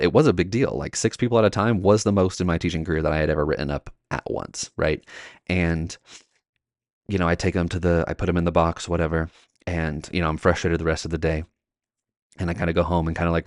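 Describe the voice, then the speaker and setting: A man's voice: low-pitched, no room sound, clean studio sound. A young man, a teacher hosting his podcast, telling a classroom story in a chatty way with lots of fillers and acted-out quotes. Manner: chatty, many "like" fillers, acts out quoted voices. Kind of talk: casual storytelling monologue.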